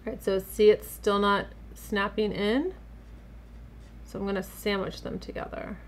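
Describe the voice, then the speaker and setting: A woman's voice: medium pitch, level tone, measured pace, slight background noise. Makeup artist woman hosting a casual how-to, upbeat and talkative, thinking aloud as she works. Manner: chatty, enthusiastic, repeats words while demonstrating. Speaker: makeup artist and beauty vlogger. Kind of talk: casual product demo tutorial. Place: home studio.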